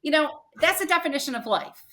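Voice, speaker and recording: An older woman, a podcast guest, telling a personal story in an animated way and acting out what people said. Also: sits high, quick pace.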